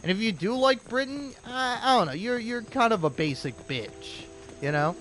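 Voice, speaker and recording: A man's voice: very high-pitched, animated, moderate pace, a bit bright, a little hiss or hum. A young man giving a rambling, profane, sarcastic commentary while playing a video game. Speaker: gaming commentator. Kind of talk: casual ranting gameplay commentary.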